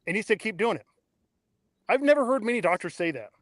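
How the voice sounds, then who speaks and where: A man in his thirties, a podcast guest, telling his story in a blunt, excitable way and cursing freely. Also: high-pitched, quick pace, no echo. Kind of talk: casual interview storytelling.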